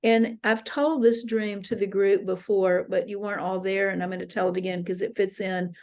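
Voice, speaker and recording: A woman's voice: mid-range voice, fairly even intonation, moderate pace, vocal fry, darkish tone. A woman leading a dream workshop, earnestly retelling dreams and quoting the people in them. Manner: earnest storytelling, quotes voices. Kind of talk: teaching talk with retold dreams. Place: interfaith center workshop.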